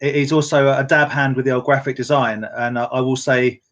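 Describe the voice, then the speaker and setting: Fast-talking man, jokey host. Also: medium pitch, little pitch movement, a bit bright. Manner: quick, jokey, teasing. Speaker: co-host of a toy collecting live show. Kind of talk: casual banter on a video call.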